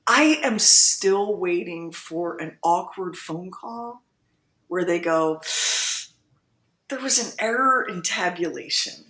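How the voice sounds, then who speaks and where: A woman's voice: on the low side, expressive, takes it slowly, fairly bright tone, roomy sound. A woman co-hosting a radio show, joking in a casual chat as she reads listener comments aloud. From United States. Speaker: radio co-host.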